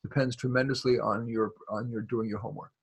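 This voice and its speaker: Husky man rambling through advice. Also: medium pitch, steady tone, fairly quick. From New York. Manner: rambling, many restarts and fillers. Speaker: guest expert. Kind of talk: casual advice on a video call.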